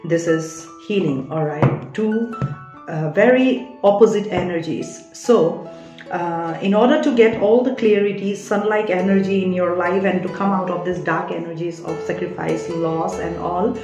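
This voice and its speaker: Woman, lowish voice, earnest tarot-reading monologue; roomy, dull lo-fi recording with faint music behind. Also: unhurried. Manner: earnest, keeps checking in with "all right?". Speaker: tarot card reader.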